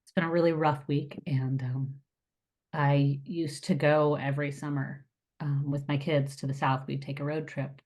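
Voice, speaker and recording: A middle-aged woman with a low-pitched voice talks in a casual group discussion. She speaks earnestly and with emotion, pausing and restarting as she works through hard thoughts. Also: level tone, darkish tone. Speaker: podcast co-host.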